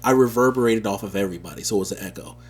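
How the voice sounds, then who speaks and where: Man, husky voice, animated slangy storyteller, casual podcast chat. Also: on the low side, racing. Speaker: podcast co-host.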